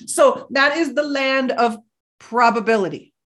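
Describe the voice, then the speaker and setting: A woman's voice: sits high, a little slow, a bit bright. Upbeat woman hosting a motivational podcast. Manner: upbeat, playful inner-voice asides. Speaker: podcast host.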